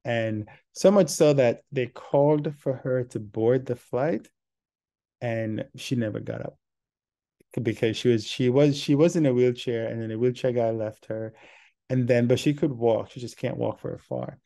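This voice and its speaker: A man hosting a podcast, telling a story in a relaxed, rambling way. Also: medium pitch, unhurried, creaky. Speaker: podcast host. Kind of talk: casual podcast monologue.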